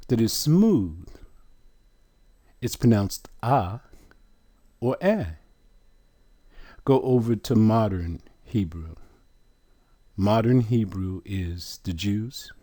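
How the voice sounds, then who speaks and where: A man teaching a lesson from a letter chart, asking questions and repeating each sound slowly. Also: on the low side, mellow, no room sound, clean studio sound.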